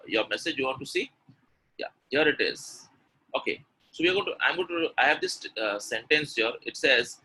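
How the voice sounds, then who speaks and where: A man's voice: mid-range voice, pushed and bright, slightly rough, rough recording. A man coaching English pronunciation in a live online webinar. He demonstrates by repeating words in different ways and answers viewers from the chat. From India.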